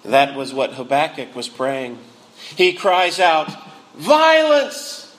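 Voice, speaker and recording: A man preaching a sermon, earnestly rising to anguished cries and then dropping low and quiet. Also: takes it slowly, rough recording. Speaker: pastor.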